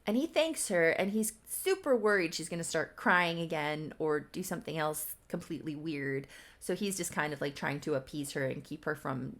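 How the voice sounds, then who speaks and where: A woman's voice: low voice, expressive, moderate pace. A woman casually recapping a soap-opera story she made, with chatty, self-deprecating asides. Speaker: creator recapping her own game story.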